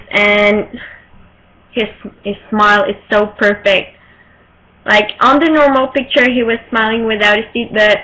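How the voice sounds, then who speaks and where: A young woman whose first language is French, telling a rambling, excited story in a casual vlog and often searching for her words. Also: on the high side. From Quebec, Canada. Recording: poor-quality home recording.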